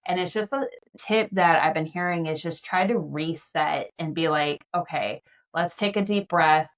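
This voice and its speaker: A woman hosting an interview, sharing relaxed, reflective thoughts in casual chat. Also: low-pitched, moderate pace. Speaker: podcast host. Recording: distant from the mic.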